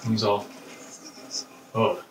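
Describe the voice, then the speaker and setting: A man in casual chat with friends, telling an animated, swear-filled story and acting out what people said. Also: lowish voice, slow pace. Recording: echoey room, far from mic.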